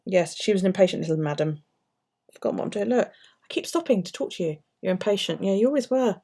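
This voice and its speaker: A woman's voice: medium pitch, expressive, quick pace, mellow. A middle-aged woman with an English accent, chatting casually and swearing freely while she works on her bullet journal and tells stories.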